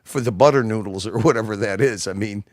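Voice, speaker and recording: A man co-hosting a casual chat, animated and swearing, quick to laugh as he judges a meal. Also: fairly low pitch, no echo, studio quality. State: married. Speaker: co-host. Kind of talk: casual food chat on a show.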